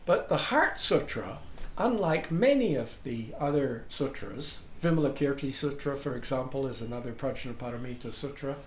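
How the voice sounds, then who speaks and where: Male dharma teacher, mid pitch, relaxed digressive lecture manner, roomy recording with faint noise. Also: moderate pace. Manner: chatty, digressive, often asks "right?". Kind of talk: informal dharma talk.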